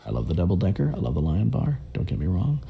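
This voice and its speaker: A man's voice: deep voice, huge pitch swings, fast talker, vocal fry, husky, dull audio. A man with a British accent chatting in an interview, jokey and self-mocking with laughs between phrases. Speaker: voice actor in an interview. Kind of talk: casual interview chat.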